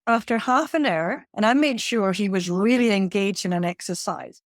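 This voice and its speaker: A woman, a leadership coach telling a lively workplace anecdote as a podcast guest. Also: mid-range voice, normal speed, dry recording, clean studio sound. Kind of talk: conversational storytelling.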